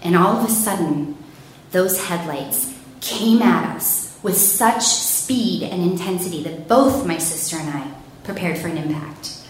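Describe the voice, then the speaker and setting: A woman telling a personal story in a lively way, acting out panicked quotes. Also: lowish voice, measured pace. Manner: animated, acts out panicked quotes. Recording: very echoey room, faint noise.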